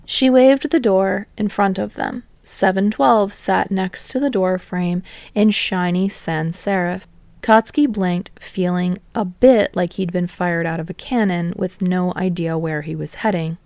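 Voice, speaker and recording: Woman narrating with a gravelly tone. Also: fairly low pitch, steady tone, measured pace, a little mellow, no room sound. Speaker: podfic reader. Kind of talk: fan audiobook narration.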